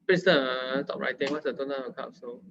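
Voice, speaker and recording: A man with a Singaporean English accent tutors math in a casual, playful, teasing manner. His mid-range voice is fast, with vocal fry, and the dull lo-fi recording carries background noise.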